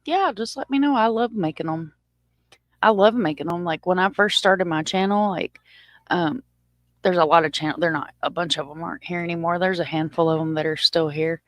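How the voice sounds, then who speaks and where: A woman's voice: lowish voice, fairly quick, a bit bright, dry recording. Casual woman hosting a livestream. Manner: loose, joking, swears casually. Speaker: channel host.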